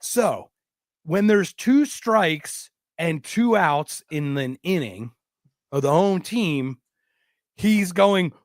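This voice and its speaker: A man hosting a podcast, telling a funny story in a lively, joking, sometimes profane way. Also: high voice, very slow, dry recording, studio quality. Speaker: podcast host. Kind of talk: casual storytelling chat.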